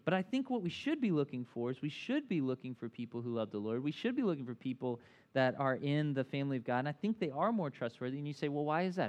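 A man preaching a conversational sermon as pastor, animated and full of asides, often checking in with "right?". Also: on the high side.

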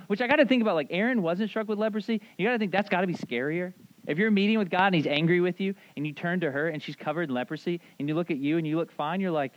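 A man in his thirties preaching a sermon, animated and casual, acting out voices in his retelling. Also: sits high, quick pace, dry recording, muffled recording. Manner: animated storyteller, acts out voices, casual asides. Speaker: pastor.

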